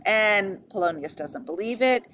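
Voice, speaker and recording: A woman's voice: medium pitch, animated, unhurried, fairly bright tone, poor audio. A woman teaching a lecture on a play, explaining patiently, asking questions and stressing key words. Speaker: literature teacher.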